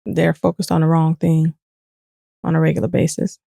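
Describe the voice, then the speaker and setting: A woman's voice: low-pitched, moderate pace, gravelly, no room sound, studio quality. A woman co-hosting a podcast, talking candidly and reflectively in casual chat. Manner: candid, reflective, animated when retelling. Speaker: podcast co-host.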